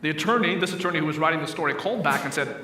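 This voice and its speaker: Bright-voiced pastor in an echoing hall. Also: male voice, on the high side, racing, recorded from a distance, a little hiss or hum. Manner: animated storyteller voicing characters in jokes. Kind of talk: sermon storytelling. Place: church sanctuary. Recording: echoey hall recorded from afar.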